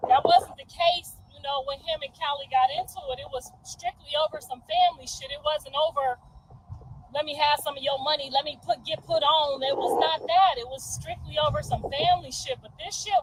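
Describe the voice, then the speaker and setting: Woman, 50s, high voice, fiery profane livestream rant. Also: background noise. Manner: heated, profane, repeats herself for emphasis.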